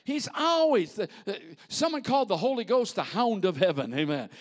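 Lively, high-pitched male preacher. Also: normal speed. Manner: animated, conversational preaching with asides to the congregation. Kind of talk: sermon.

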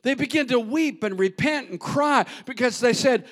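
A male pastor preaching a sermon in church, moving between soft, drawn-out asides and loud, shouted bursts. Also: extremely high pitch.

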